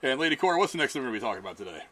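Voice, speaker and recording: An upbeat man hosting a casual podcast, talkative and quick to laugh as he steers the topics. His voice is bright and forceful, sitting in an ordinary middle pitch. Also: sing-song, dry recording. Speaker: host.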